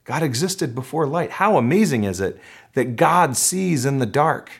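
A male pastor delivering a Sunday sermon at a mid-range pitch. He talks conversationally with fillers and restarts and slows down for scripture readings. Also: lively intonation, gravelly, breathy edge.

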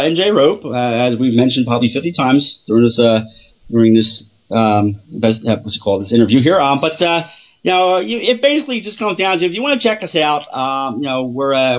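A man's voice: medium pitch, muffled recording. A man, a guest paranormal investigator on a radio show, talks casually and rambles with many fillers and restarts.

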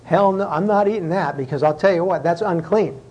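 Preacher guy doing a stubborn apostle saying no way, blunt and worked up, warm mellow voice a bit high. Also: drawn-out words, husky, exaggerated voice, poor audio. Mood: indignant. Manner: blunt, emphatic refusal. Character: indignant adult male apostle refusing unclean food.

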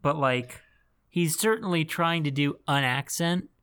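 A man co-hosting a casual podcast about movies, talking haltingly and often stopping to search for words. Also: fairly high pitch, a bit bright, smooth. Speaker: podcast co-host. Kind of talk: casual movie-talk chat.

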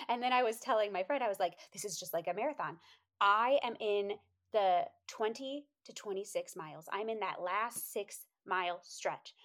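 Animated woman telling a story. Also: moderate pace. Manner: animated, quotes herself in high voices, laughs often. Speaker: inspirational speaker. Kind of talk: storytelling monologue, motivational.

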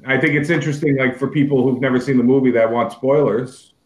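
A relaxed man chatting about a movie as a podcast co-host, his mid-range voice bouncing around an echoey room. He swears casually and leans on filler words. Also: medium pitch, fast talker. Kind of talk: casual movie review chat.

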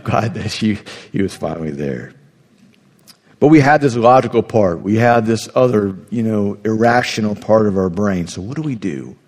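A man's voice: fairly low pitch, moderate pace. Man preaching in an echoing hall. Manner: conversational, animated preaching with acted-out inner voices. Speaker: pastor. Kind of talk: sermon.

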